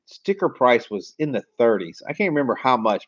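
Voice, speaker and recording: A man spins car lot stories in a loose, animated, slangy style. His pitch sits in an ordinary middle range. The recording is a little dull and lo-fi. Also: normal speed, breathy edge. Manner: animated, slangy, acts out quoted voices. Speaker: car sales trainer. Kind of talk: casual storytelling. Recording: slightly dull lo-fi audio.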